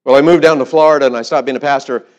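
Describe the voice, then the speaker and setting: A man who was once a pastor, preaching a sermon and telling stories with swings in loudness. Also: mid-range voice, fairly even intonation, very fast, lo-fi sound.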